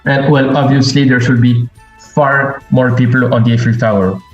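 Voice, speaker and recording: A man's voice: mid-range voice, steady tone, normal speed, echoey room, dull audio, faint music behind. A man from France with a French accent, giving blunt, matter-of-fact commentary as a cultural consultant. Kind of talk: recorded commentary.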